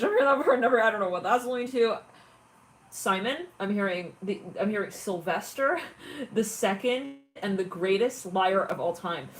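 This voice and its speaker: A woman's voice: mid-range voice, animated, a little fast, rough recording. A woman giving a casual, rambling tarot reading, talking in a chatty way with lots of fillers and frequent laughter. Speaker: tarot reader.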